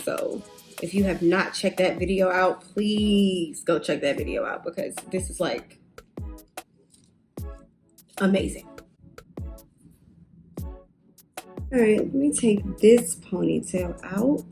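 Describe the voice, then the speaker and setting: A woman's voice: mid-range voice, takes it slowly, pauses often, darkish tone, soft background music. A young woman chatting casually to camera while doing her hair, rambling with fillers and asides. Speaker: beauty vlogger.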